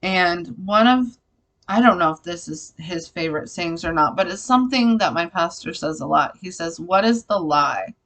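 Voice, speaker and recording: A woman's voice: on the low side, lively intonation, normal speed, fairly bright tone, poor audio. A woman speaking as a Christian blogger, candidly reflecting on her faith and telling personal stories, with hesitations and fillers.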